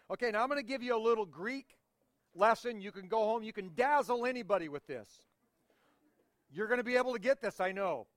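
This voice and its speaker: A man's voice: sits high, no room sound. A man preaching a sermon as pastor, folksy and teaching, leading the congregation in call-and-response.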